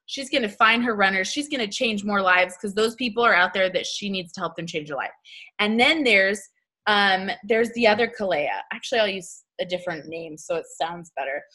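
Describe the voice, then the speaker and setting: Woman with a bright, punchy voice giving a pep talk to her sales team, blunt and slangy. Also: mid-range voice. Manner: animated, acts out little scenes in quoted voices; blunt and chatty, with casual slang. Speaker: network marketing team leader.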